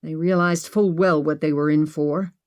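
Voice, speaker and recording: A woman's voice: low voice, fairly even intonation, moderate pace, a little mellow, close to an everyday voice. A woman narrator voicing a defensive, sarcastic young woman who snipes in a raised voice.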